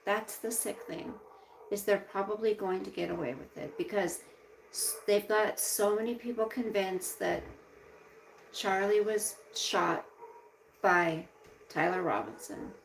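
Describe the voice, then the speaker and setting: Gravelly-voiced woman ranting on a livestream. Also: medium pitch, fairly even intonation, a little slow, a little hiss or hum, poor audio. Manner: indignant ranting, slipping into baby talk with her pet. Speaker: livestream host. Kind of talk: casual live-stream chat.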